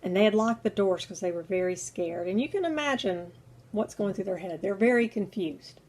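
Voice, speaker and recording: A woman's voice: medium pitch, moderate pace, darkish tone. A woman teaching a children's Bible lesson, telling the story expressively and often dropping to near whispers.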